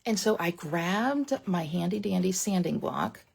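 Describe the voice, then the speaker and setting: A middle-aged woman chatting excitedly through a card-making demonstration, talking straight to her viewers. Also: fairly low pitch, measured pace, vocal fry, breathy edge. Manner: bubbly, chatty, exclamatory, talks straight to viewers. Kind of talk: casual craft demonstration, live stream.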